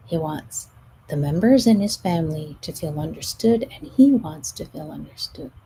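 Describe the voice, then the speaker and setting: A middle-aged woman, a stress management coach, talking gently to her audience on a live show and at times dropping almost to a whisper. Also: low-pitched, expressive, normal speed, a little hiss or hum, rough recording.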